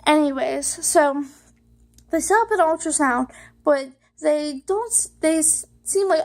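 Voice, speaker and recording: A woman's voice: high-pitched, measured pace, darkish tone. A young woman vlogger telling a personal story to the camera, rambling with many fillers and emotional, holding back tears.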